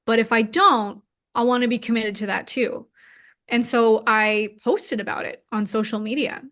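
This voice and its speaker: Her pitch is fairly high and her tone fairly bright, with even intonation and a moderate pace. This interview guest in her thirties recounts a personal story openly, emotionally, and with frequent "like."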